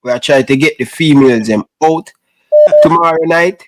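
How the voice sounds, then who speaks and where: A man hosting a call-in sports talk show, brisk and teasing, calling people brother. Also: a little high, no room sound, rough recording. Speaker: host.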